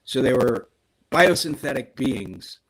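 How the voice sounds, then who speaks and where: A man's voice: mid-range voice, expressive, takes it slowly, husky, poor audio. A man on a podcast, casually retelling a story with animation and acting out the quoted lines. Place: podcast studio.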